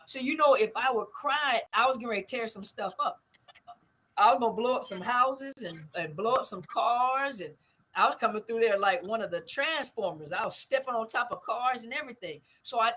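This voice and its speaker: A woman's voice: fairly high pitch, a little fast, fairly bright tone, rough recording. An older woman, hosting a family conversation and telling stories with emphatic repetition. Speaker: host.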